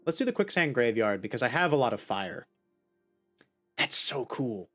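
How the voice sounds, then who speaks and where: A streamer giving casual let's-play commentary, chatty and thinking out loud with many restarts. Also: medium pitch, sing-song, quick pace, faint music behind.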